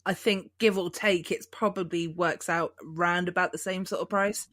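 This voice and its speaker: A woman's voice: on the low side, moderate pace, dry recording. Giggly woman, dry close mic. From United Kingdom. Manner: relaxed, giggly, lots of fillers. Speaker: podcast guest. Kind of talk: casual podcast chat.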